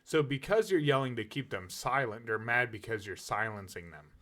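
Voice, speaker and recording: Lively-voiced man arguing his point. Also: medium pitch, normal speed. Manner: explains point by point, argumentative. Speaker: podcast co-host. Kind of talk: casual debate chat.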